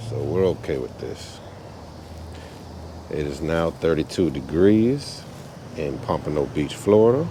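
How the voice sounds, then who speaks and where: A man's voice: rumbling low, expressive, measured pace, background noise. A man working as an automotive painter, talking casually in a shop vlog. He is laid-back, repeats his phrases and often adds "man".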